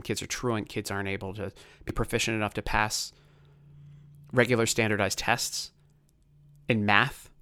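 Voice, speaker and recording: A man from Baltimore with a Baltimore accent, hosting a podcast with a passionate, ranting monologue that swings from loud to quiet. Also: on the low side, smooth, no room sound. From Baltimore, USA. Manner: passionate, ranting, swears, voice rising and falling. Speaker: podcast host.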